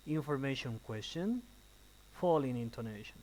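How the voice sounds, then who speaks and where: A male English teacher talking through a recorded lesson. He explains each phrase slowly with a few ums, then translates it in a quick burst. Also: mid-range voice, rough recording. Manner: thinking out loud with uh and um. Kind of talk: recorded online class, switching between English and Spanish.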